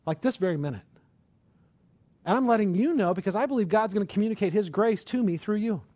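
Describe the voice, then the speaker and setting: Man, sermon, high voice, dry close sound, conversational, rhetorical questions. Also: expressive, quick pace, darkish tone, dry recording. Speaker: preacher.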